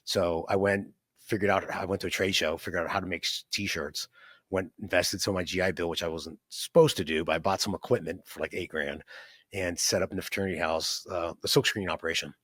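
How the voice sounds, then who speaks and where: A man in his fifties with a deep, fairly bright voice and a steady tone speaks fairly quickly on a dry, clean studio recording. An entrepreneur guest, he tells his life story in a meandering, conversational way, full of fillers and restarts and tag questions, especially "right?"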